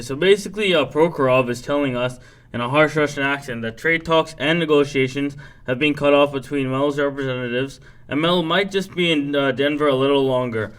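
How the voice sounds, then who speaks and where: A man's voice: medium pitch, fairly bright tone. A man hosting a sports podcast, reading a scripted rundown with casual asides. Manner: reads from a script, loses energy with asides. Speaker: podcast host.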